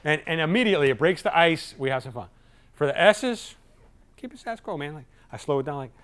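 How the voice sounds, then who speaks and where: A man giving a live sales training talk in a lively, conversational way, acting out what customers say. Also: on the high side, a little fast. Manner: lively, acts out customer voices.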